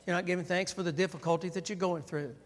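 A man's voice: high-pitched, quick pace. Guy preaching, chatty sermon, keeps asking "right?", big reverby church sound. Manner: conversational preaching with constant "right?" tags; animated, calls for congregation response. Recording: long hall reverb.

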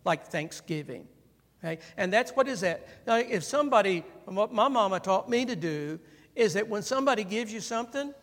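A man's voice: high-pitched, normal speed. Guy preaching, chatty sermon, keeps asking "right?", big reverby church sound. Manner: conversational preaching with constant "right?" tags; animated, calls for congregation response. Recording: long hall reverb.

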